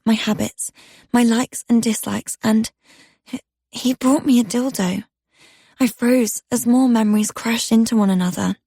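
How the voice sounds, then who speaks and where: Female first-person romance narrator, breathy, fairly high voice, intimate storytelling. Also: mellow, no room sound, studio quality. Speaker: audiobook narrator.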